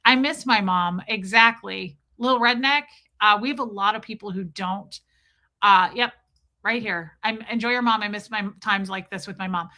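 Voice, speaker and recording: A woman's voice: medium pitch, normal speed, bright, forceful tone. A woman in her forties chatting animatedly, telling a story to a live chat and breaking off to greet viewers. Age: 40s. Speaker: livestream host.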